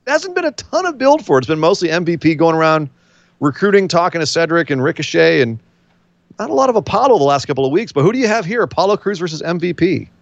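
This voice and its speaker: Male co-host, mid-pitched, rambling and jokey, dry lo-fi stream audio. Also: big pitch swings, fast, vocal fry, dry recording. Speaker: podcast co-host. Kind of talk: casual wrestling predictions chat.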